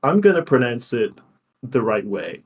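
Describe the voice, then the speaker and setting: A man's voice: medium pitch, sing-song, moderate pace, husky. A man introducing himself as a player in a tabletop game, sounding a little off because he is unwell. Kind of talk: casual chat.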